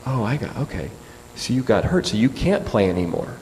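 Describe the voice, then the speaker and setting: A man's voice: mid-range voice, very animated, brisk, darkish tone, pitched above the performer's own voice. A man doing a curious little girl. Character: curious four-year-old girl, his daughter. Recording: echoey hall with faint hum.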